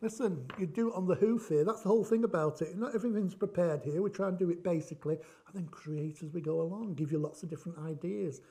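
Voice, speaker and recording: Talking fast with few pauses, a middle-aged man runs a chatty craft tutorial in a warm voice that sits high. He jokes, rambles and thinks aloud as he goes.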